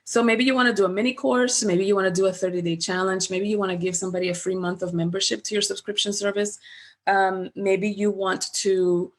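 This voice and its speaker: Middle-aged woman, business coach, chatty webinar delivery on a webcam, animated storyteller. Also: mid-range voice, a little fast. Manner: animated storyteller, acts out remembered dialogue. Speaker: business coach presenting at a virtual summit. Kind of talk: conversational webinar presentation.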